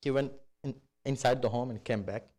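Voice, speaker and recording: A man preaching a sermon, telling a story in an animated way. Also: mid-range voice, fairly quick.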